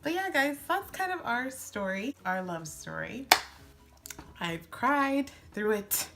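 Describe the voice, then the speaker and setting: A woman's voice: fairly high pitch, expressive, slow pace, heavy background noise. Giggly, gushing young woman vlogger. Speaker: beauty vlogger. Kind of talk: chatty makeup tutorial storytelling.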